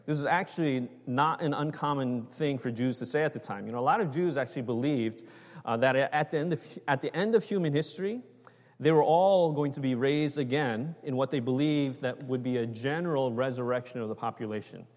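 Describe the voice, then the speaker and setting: A man's voice: mid-range voice, brisk. A man giving a conversational sermon, often checking in with "right?" and "okay?". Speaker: preacher. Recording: long reverb of a large hall.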